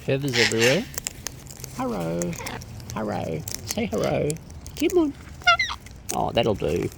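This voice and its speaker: A woman coos and baby-talks to the wild birds gathering around her, speaking slowly with a gravelly edge. Her pitch sits low but swings widely as she greets them. The outdoor recording carries clear background noise. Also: huge pitch swings. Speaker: bird feeder vlogger. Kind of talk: casual chat with wild birds.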